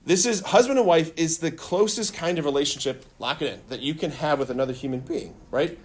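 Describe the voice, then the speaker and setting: A man teaching a classroom of children, animated and laughing, calling on students and leading them in call-and-response. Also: fairly high pitch, fairly quick. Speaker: religion teacher.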